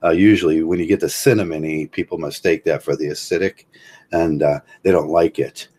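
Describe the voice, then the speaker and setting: A warm, husky bass voice with fairly even intonation belongs to this livestream host from Ohio, who has a Midwestern American accent. He rambles through philosophy haltingly, stacking up fillers and restarts and chuckling often.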